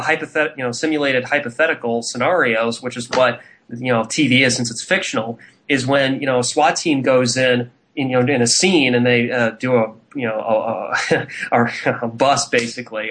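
A man hosting a talk radio show, speaking indignantly in fast rambling runs full of fillers. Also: medium pitch, fairly bright tone.

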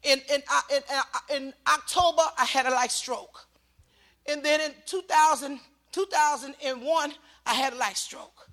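Older woman telling her story, high bright voice, keeps repeating stuff and gets loud. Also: moderate pace. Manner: emphatic, repetitive, voice rising to shouts. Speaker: mother giving testimony. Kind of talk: emotional personal testimony.

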